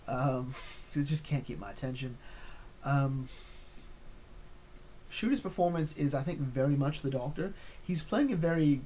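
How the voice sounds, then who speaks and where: A man's voice: mid-range voice, moderate pace, long pauses, warm tone, slight background noise. A man chatting casually as he reviews an episode, rambling with many fillers and restarts.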